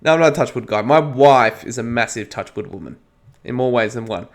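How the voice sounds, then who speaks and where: Upbeat Australian podcast host. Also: male voice, medium pitch, brisk. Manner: lively, laughing, self-mocking. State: groggy from hay fever tablets. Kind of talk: casual chat.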